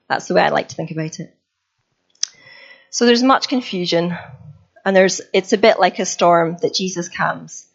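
A woman giving an informal, chatty sermon as a preacher, self-deprecating and quick to laugh. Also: mid-range voice. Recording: slightly dull recording.

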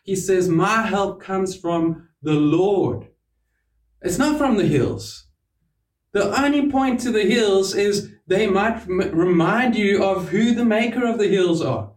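A man preaching a sermon to a church congregation, earnest, dropping to a hush on key words. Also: high voice, animated, unhurried. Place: church hall. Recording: roomy, from a distance.

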